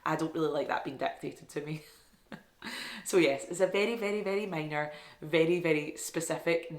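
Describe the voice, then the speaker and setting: A woman chatting casually about books she loved, enthusiastic and self-deprecating. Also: low-pitched. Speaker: book reviewer. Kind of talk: casual book review vlog. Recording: echoey room.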